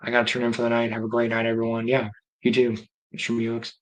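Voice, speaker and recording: A man's voice: mid-range voice, completely flat delivery, fast, rough recording. A man hosting a livestream, chatting casually and rambling as he reacts aloud to viewer comments. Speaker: livestream host.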